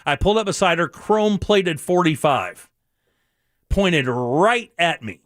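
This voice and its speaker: This male radio talk show host speaks a little slowly in a fairly high, slightly bright voice with lively intonation. He tells stories animatedly during casual chat, imitating the voices he quotes, over clean, echo-free studio audio.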